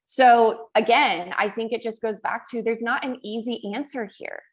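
A woman's voice: fairly high pitch, moderate pace, slightly rough. A woman co-hosting a podcast discussion, thoughtful and talkative, with many "like"s in her speech. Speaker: podcast co-host. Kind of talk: casual discussion.

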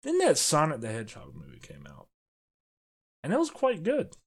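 A man co-hosting a podcast, talking casually and jokily about a film, getting animated and trailing off into restarts. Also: a little high, moderate pace, husky. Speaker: podcast co-host. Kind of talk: casual movie review chat.

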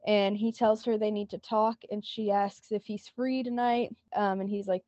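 A woman's voice: mid-range voice, fairly even intonation, moderate pace, warm tone, no room sound, dull audio. A woman co-hosting a podcast, retelling a TV scene in casual chat and quoting lines with lots of "like". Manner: retells scenes with many "like" quotes. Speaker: podcast co-host.

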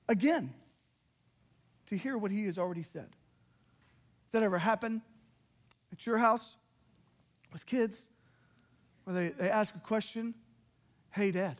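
A middle-aged man preaching a sermon as pastor, animated and emotional, acting out little dialogues. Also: extremely high pitch.

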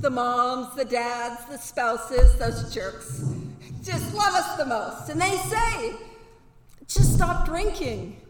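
A woman with a high voice gives a candid, earnest personal testimony to a banquet crowd. She talks to the room directly, now and then breaking into loud whoops. Her voice rings through a large, echoing hall with a long reverb tail. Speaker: recovery speaker at a banquet.

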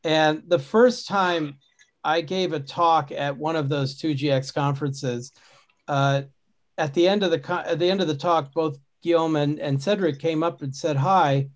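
A man's voice: a little high, unhurried. A man hosting a casual podcast conversation, talking in a rambling way with many restarts and fillers. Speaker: podcast host.

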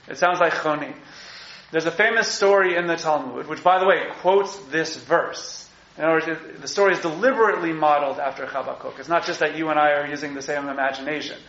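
A fairly high-voiced man teaching a class, animated and often acting out the cries in the texts he reads. The sound is echoey and a bit dull and lo-fi. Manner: animated, acts out the prophets' cries. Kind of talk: evening Torah class lecture. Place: classroom with live audience.

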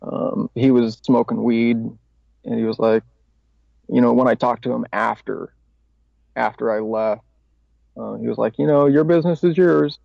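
A man's voice: mid-range voice, completely flat delivery, unhurried, long pauses, dry recording. A man guest on a podcast, candidly telling his recovery story in a rambling, casual way with swearing and self-mocking laughs. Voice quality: gravelly. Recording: dry, slightly dull podcast audio.

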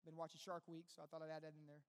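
A pastor preaching a sermon in an earnest, conversational way, full of rhetorical questions. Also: male voice, fairly high pitch, monotone, rapid-fire. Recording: long reverb with faint music behind.

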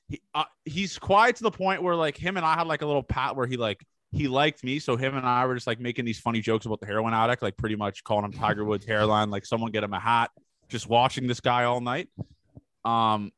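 A man's voice: mid-range voice, fairly quick, fairly bright tone, no echo. A man on a podcast telling rambling party stories in casual chat, swearing often and acting out what people said. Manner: rambling storyteller, swears a lot, acts out quotes. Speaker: podcast co-host.

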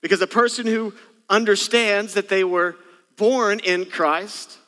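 Bright high-voiced male pastor preaching. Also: unhurried. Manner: animated preaching, acts out parent and child exchanges. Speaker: senior pastor. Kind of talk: Christmas Eve sermon. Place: church sanctuary. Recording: long church hall reverb.

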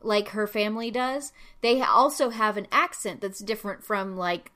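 A woman's voice: mid-range voice, moderate pace, sharp tone. A woman hosting a casual chat, explaining at length with many fillers. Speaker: host.

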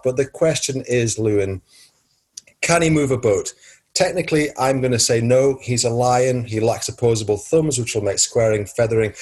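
A middle-aged man with a husky voice co-hosting a comic podcast, full of sardonic wordplay and theatrical asides. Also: medium pitch, darkish tone. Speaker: podcast co-host.

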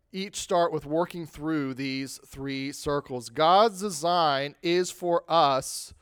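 A man preaching a sermon as pastor, stressing points loudly and letting phrases fall away quietly. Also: medium pitch, clear, resonant tone, dry recording, studio quality. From United States. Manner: emphatic, swings between loud stress and quiet endings.

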